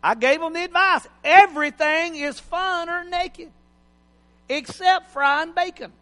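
A man's voice: very high-pitched, unhurried, pushed and bright. A middle-aged man preaching a sermon in a folksy, joking, plain-spoken way. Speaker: pastor. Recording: hall reverb.

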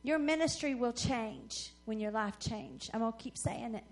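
A woman with a high voice preaches at a conference. She tells her stories with animation and acts out the voices of the people in them. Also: moderate pace. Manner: animated storyteller who acts out quoted voices. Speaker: conference speaker. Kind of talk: sermon storytelling.

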